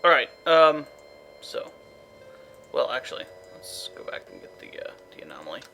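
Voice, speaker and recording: A man's voice: medium pitch, very animated, moderate pace, creaky, bright, forceful tone, whispered, low-quality recording. A man giving casual, rambling gameplay commentary full of fillers and wry asides. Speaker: let's play commentator.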